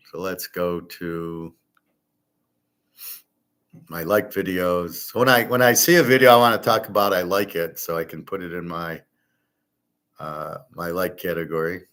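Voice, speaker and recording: A man's voice: low voice, a bit bright. A man hosting a casual commentary show, talking bluntly in a ranting way and swearing freely. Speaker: host.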